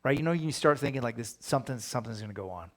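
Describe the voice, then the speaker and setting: A man's voice: mid-range voice, lively intonation, rapid-fire, fairly bright tone. A man, a pastor, teaching a Bible study in a casual, conversational way, often asking his listeners rhetorical questions.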